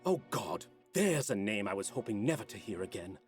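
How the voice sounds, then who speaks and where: An actor playing a weary middle-aged husband who talks in a gruff, sardonic way. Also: male voice, on the low side, very animated, moderate pace, soft background music. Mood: grumbling. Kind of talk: video game voice acting.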